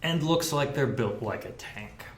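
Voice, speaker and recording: A man's voice: mid-range voice, animated, unhurried. A man running a tabletop game as game master, describing scenes and explaining rules casually with fillers. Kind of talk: narrating and ruling a tabletop game. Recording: echoey room with faint noise.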